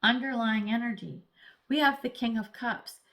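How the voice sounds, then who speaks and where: A woman's voice: a little high, moderate pace, fairly bright tone. A woman giving a casual, chatty tarot reading, playfully acting out little voices as she talks. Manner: speaks of herself as an earth sign. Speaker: tarot reader.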